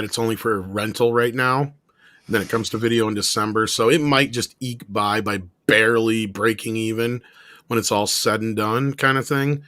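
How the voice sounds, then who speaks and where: Low-voiced, rambling male panelist, dry sound. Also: pushed and bright, no room sound. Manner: loose, rambling, hedging with filler. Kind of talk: casual panel chat.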